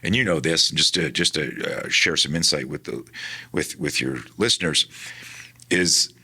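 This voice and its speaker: A man talking casually in an interview about his work teaching personal defense, animated, acting out the people in his stories with many restarts. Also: very deep voice, normal speed, slightly rough. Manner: animated, acts out quoted dialogue, frequent restarts. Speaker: guest, personal defense instructor.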